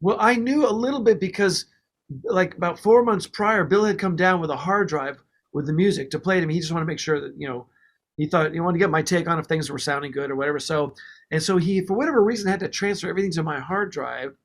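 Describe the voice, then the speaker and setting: Fast-talking high-voiced male storyteller. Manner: animated, laughing storyteller. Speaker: record producer. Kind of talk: casual storytelling in a podcast interview.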